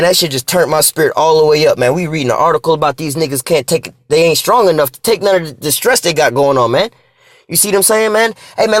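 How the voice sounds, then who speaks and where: A high-voiced vlogger reads articles aloud in a casual rant, preachy and profane, quoting scripture and repeating himself while tagging nearly every line with "man". The audio is clean studio sound with no echo.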